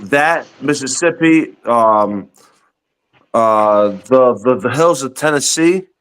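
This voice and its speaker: A man's voice: mid-range voice, animated, slow pace, a bit bright, clear, resonant tone. Laid-back man saying "bro" a lot. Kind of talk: casual chat.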